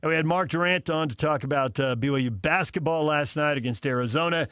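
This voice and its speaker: A man's voice: a little high, quick pace, a bit bright, clear, resonant tone, no echo, studio quality. A man co-hosting a sports radio show, bantering casually and teasing his partner, often laughing.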